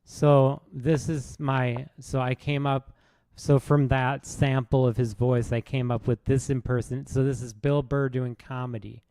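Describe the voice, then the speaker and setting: A man streaming, rambling in a deadpan, sarcastic way with halting restarts. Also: medium pitch, clear, resonant tone, no room sound, clean studio sound. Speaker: chess streamer. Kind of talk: casual rambling monologue.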